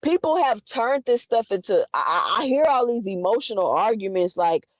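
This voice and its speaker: Speaking in a slightly high voice, a woman gives animated, emphatic boxing commentary packed with opinions, rhetorical questions, and quick restarts. It's captured as a dull, lo-fi, dry recording.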